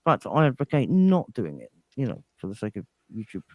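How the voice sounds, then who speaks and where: An English man on a podcast, rambling through crude banter with lots of halting restarts. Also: medium pitch, wildly swooping pitch, no echo. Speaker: podcast guest.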